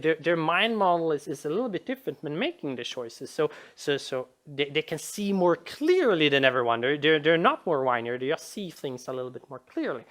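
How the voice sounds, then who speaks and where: A woman giving a casual, rambling game design commentary, with frequent restarts and repeated words. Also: low voice. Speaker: video essayist.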